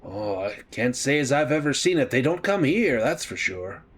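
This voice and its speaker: A folksy, easygoing graveyard keeper, voiced by a man running a tabletop game. He rambles along in a plain mid-pitched voice with rustic turns of phrase. There is a chuckle never far from his words. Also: very animated, normal speed, husky. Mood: chatty.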